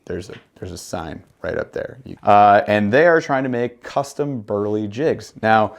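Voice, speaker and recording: A fishing vlog host talks through tackle in a loose, casual way. This man has a somewhat low voice and gets excited and jokey, dropping slang as he shows off each bait. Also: measured pace, vocal fry. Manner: enthusiastic, slangy, joking. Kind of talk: casual gear review.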